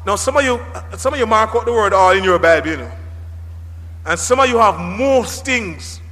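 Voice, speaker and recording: A man preaching a sermon as pastor, animated, with dramatic emphasis and occasional shouts. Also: sits high, normal speed. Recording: reverberant hall.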